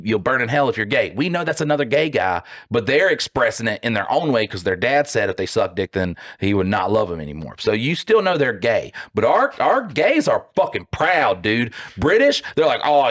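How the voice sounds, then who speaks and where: Profane ranting American man. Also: mid-range voice. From United States. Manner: loud, mocking, heavy swearing, puts on silly voices. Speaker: podcast co-host. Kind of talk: profane comedic rant.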